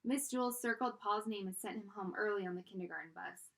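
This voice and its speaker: A woman reading a children's book aloud as storyteller, in an expressive, animated way. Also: medium pitch, a little fast, gravelly.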